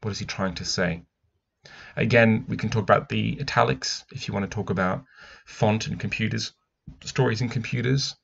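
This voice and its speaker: There's slight background noise as a man with a gravelly, fairly bright, lowish voice talks through a picture book at a moderate pace. Acting as a teacher, he reads and comments thoughtfully, with many restarts, and the recording itself is dull and lo-fi.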